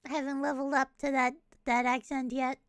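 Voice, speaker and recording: A woman's voice: sits high, flat delivery, a little fast, a bit bright, clean tone, dry recording. A woman streamer in casual chat, laughing and swearing while reading comments aloud into a close desk mic.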